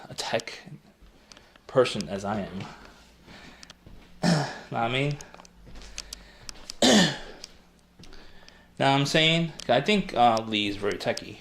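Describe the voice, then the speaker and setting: A male streamer talks loosely from home, his voice gravelly with fry. He wanders through his thoughts, restarting sentences and leaning on "like". A faint hiss sits under the audio. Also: medium pitch, fairly bright tone. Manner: rambling, many "like" fillers and restarts. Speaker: live streamer. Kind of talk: casual live-stream chat.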